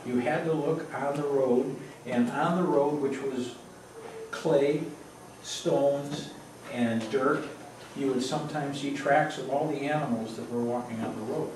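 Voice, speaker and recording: A man's voice: medium pitch, fairly even intonation, unhurried. A man casually telling a personal anecdote in a plain, repetitive way that builds suspense. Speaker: storyteller. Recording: very echoey room, distant mic, faint noise.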